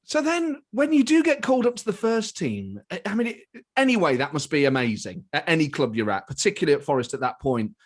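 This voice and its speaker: A male podcast host asking thoughtful, expressive questions in a casual interview. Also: a little high, quick pace.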